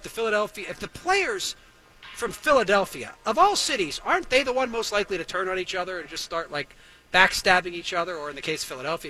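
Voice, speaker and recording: Sarcastic male host, high voice with a very bright edge, comic rant. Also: poor audio. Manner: sarcastic, riffing, exaggerating for laughs. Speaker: radio show host. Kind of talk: comedic talk-show rant.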